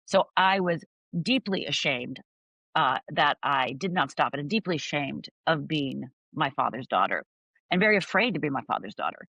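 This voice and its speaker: A woman's voice: deep voice, animated, normal speed, bright, forceful tone, dry recording, rough recording. A middle-aged woman from Upper Michigan telling her life story as a guest, acting out voices and moments vividly.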